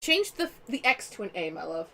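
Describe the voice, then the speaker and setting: A woman casually recounting a tabletop game session on a stream, excitable, laughing and swearing freely. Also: medium pitch, fairly quick, creaky.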